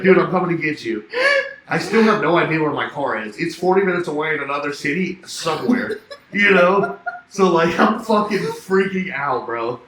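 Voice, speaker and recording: A young man rambles through a party story in casual chat, swearing, laughing, and acting out both sides of phone calls. His voice is a little high, with slight background noise and faint ambience in an echoey room.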